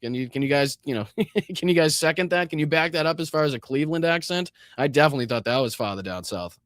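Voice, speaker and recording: A man hosting a political livestream, talking in a rapid, rambling way with sarcastic asides. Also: a little high, animated, a bit bright, dry recording, clean studio sound. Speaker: political talk show host. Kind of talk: casual livestream commentary.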